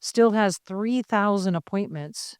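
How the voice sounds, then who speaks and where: A middle-aged woman runs a panel discussion on a conference stage, brisk and quick to joke as she prods her panelists. Her voice is smooth and clear, sitting at an ordinary pitch. The sound is dry and close, with no room echo. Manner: brisk, joking, prompting panelists. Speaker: panel moderator.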